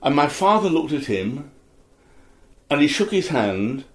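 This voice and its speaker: A man, a former opera singer, telling animated, emotional anecdotes as a guest, with frequent restarts. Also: on the high side, a little slow. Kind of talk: conversational storytelling.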